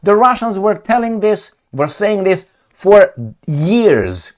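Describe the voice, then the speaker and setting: A man's voice: high-pitched, lively intonation, takes it slowly. A middle-aged man from Romania with a Romanian accent, giving sarcastic, digressive commentary from home. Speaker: political commentator. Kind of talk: casual commentary vlog. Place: at home with his cat.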